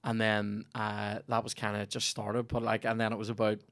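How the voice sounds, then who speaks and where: A man's voice: fairly low pitch, monotone, normal speed, fairly bright tone. A young man, a comedian chatting casually on a podcast and telling rambling, sweary stories.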